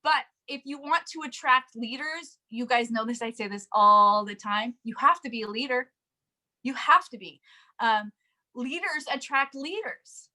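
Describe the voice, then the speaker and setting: A woman leading a sales team, giving an energetic, emphatic motivational talk with frequent laughs. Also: a little high, a little slow. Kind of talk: casual motivational chat.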